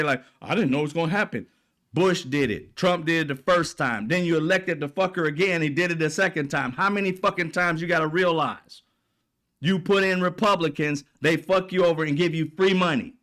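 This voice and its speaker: A man's voice: on the high side, a bit bright. A man hosting political commentary, ranting in a blunt, profane, exasperated way.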